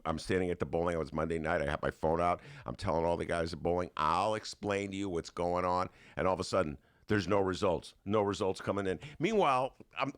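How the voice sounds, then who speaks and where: An older man hosting a podcast, telling stories in a casual comedic monologue and slipping into put-on voices. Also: low-pitched. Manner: animated storytelling with put-on voices. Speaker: podcast host.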